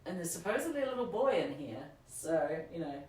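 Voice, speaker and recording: An excitable woman on a live ghost hunt, her voice swinging up and down as she reacts to what she finds. She sounds far from the mic in a very echoey old room, with faint hiss behind her. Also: low-pitched, brisk. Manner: excitable, exclaims and gasps at what she sees. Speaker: ghost hunting co-host. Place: old inn, indoors.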